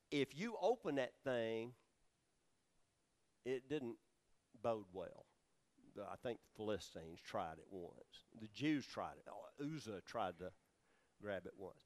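A man teaching a Bible study sermon, explaining words and asking his listeners questions as he goes. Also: mid-range voice. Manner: explanatory, asks the audience questions, many fillers. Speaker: preacher teaching scripture.

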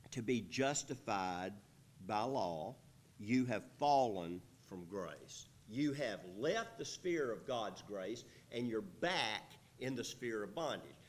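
A man teaching through scripture verse by verse in a conversational way, pausing with fillers, checking in with his listeners, and rising to emphatic reading when he quotes the text. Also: fairly low pitch. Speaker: Bible teacher.

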